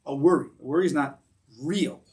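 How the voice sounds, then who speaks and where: A man's voice: fairly quick, recorded from a distance. A man giving an informal Torah class in a synagogue, telling stories animatedly with many restarts and asides. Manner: animated storyteller, acts out voices with big pitch jumps. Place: synagogue hall.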